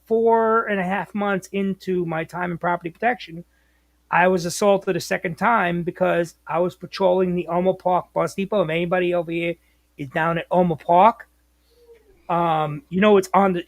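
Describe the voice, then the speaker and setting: A man, a former bus operator telling stories as a podcast guest in a lively, slangy way. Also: high-pitched, moderate pace, dry recording. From New York, US. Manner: animated, slangy, acts out quotes. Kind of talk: casual storytelling.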